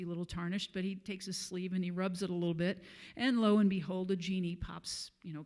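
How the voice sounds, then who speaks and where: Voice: mid-range voice, darkish tone. A guest speaker giving a conversational sermon at a church service, telling a story with frequent fillers and chuckles.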